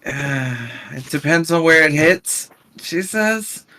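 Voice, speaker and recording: A man playing a tabletop game, with a dry, unhurried, slightly sarcastic delivery. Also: a little high, lively intonation, bright, forceful tone. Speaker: player.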